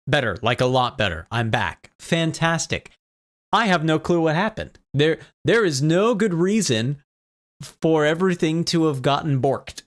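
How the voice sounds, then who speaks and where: A man's voice: fairly high pitch, expressive, normal speed. A man streaming a game, chatting casually and rambling while troubleshooting his audio. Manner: rambling, troubleshooting audio with chat, laughs often. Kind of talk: casual live-stream chat.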